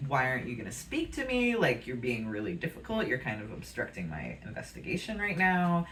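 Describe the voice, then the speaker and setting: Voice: mid-range voice, wildly swooping pitch, fairly quick, fairly bright tone, recorded from a distance, a little hiss or hum. A speaker voicing a stubborn ancient king who talks in an irritated, demanding way while retelling a play.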